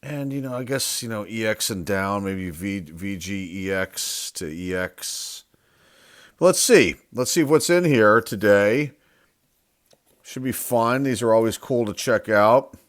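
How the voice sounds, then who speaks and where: A man with a lowish voice talks through a box of old baseball cards in a loose, rambling way, second-guessing himself and reading names aloud as he goes. The sound is close and dry, with no room around it. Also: expressive, unhurried, no room sound. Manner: rambling, unsure, thinks aloud, reads off player names. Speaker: sports card collector. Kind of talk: casual card-opening commentary.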